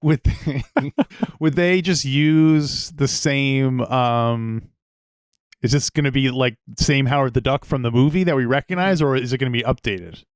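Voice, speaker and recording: A man in casual comedic podcast chat, posing earnest, deadpan what-ifs. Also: medium pitch, a little slow, no echo, studio quality. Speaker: podcast co-host.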